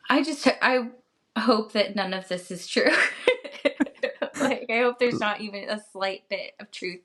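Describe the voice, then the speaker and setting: Slow-talking woman podcast co-host. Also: medium pitch, fairly bright tone, slight background noise. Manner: unhurried, hesitant, full of filler words. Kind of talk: casual podcast chat.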